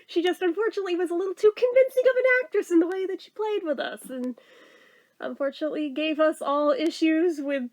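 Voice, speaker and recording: A young woman with a high voice talks straight to camera in a loose storytime vlog. She gets emotional and teary, drops swear words freely, and keeps the telling casual and personal. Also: quick pace, darkish tone. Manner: emotional, swearing, laughing and tearing up while telling. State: teary, welling up. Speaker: vlogger.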